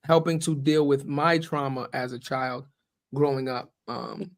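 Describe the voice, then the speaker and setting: A man's voice: medium pitch, steady tone, unhurried. A man hosting a podcast, talking frankly and casually, swearing freely.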